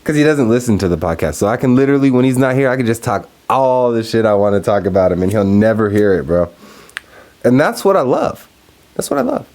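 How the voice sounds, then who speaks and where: A man's voice: medium pitch, quick pace, slight background noise. A young man in his twenties from Texas, hosting a casual solo podcast, ranting with lots of swearing and laughing often. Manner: profane, animated, laughs often. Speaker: podcast host.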